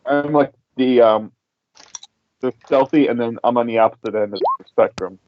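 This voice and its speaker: A man's voice: mid-range voice, moderate pace. A man playing a tabletop game, complaining bluntly and with exasperation. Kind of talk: casual chat. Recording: dry, muffled audio.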